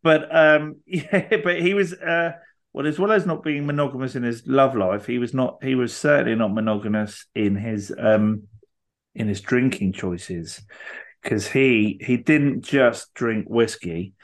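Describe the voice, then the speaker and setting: A man co-hosting a podcast, talking casually in a halting way full of ums and restarts. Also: medium pitch. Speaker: podcast co-host.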